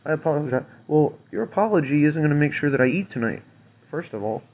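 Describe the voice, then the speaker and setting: This man's voice is fairly high, expressive and slightly quick, a little mellow with a breathy edge. He's an unhappy customer ranting angrily at the camera, full of profanity and sarcasm, drifting loosely between complaints.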